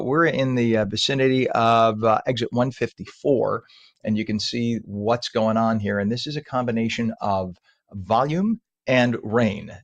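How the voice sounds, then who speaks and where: A man's voice: on the low side, no echo. A man hosting a live morning news show, chatty and joking, reading traffic and weather. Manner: joking, chatty delivery with fillers.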